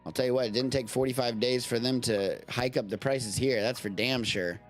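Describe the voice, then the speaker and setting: A man's voice: mid-range voice, a little fast. A man hosting a live-streamed show from home, chatting casually about the news in a rambling, self-interrupting way with casual swearing.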